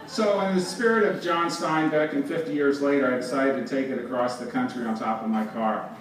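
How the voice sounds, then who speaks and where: A presenter at a live event hall speaks to an audience, his medium-pitched voice moving a little fast. He tells wry anecdotes on stage and laughs often. The recording sounds roomy and distant, with background noise.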